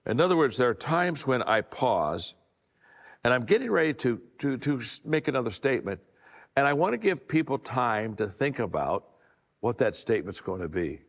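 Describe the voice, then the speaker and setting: In a large hall, an older man with a mid-range voice gives a motivational leadership speech. His folksy anecdotes come with frequent restarts and repeated words.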